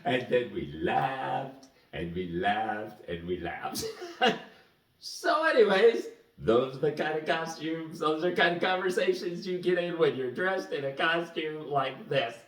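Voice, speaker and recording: A man spins a casual story for his viewers in a rather high voice that swings up and down a lot, chuckling between his sentences. The sound is roomy and echoing, with the mic set a little way off from him. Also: lively intonation, unhurried. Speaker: vlogger. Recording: echoey room, mic at a distance.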